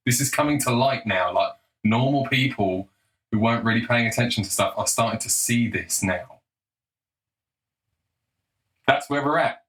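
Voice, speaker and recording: A man's voice: medium pitch, normal speed, pauses often, a bit bright, rough recording. Young guy ranting to camera, blunt and sarcastic, swears a lot. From England. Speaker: political commentator. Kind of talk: casual opinionated monologue.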